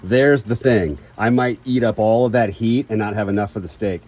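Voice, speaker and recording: A man's voice: on the low side, moderate pace, darkish tone. A man in a casual cooking vlog, chatty and self-deprecating, thinking aloud as he grills outdoors. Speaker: home cook.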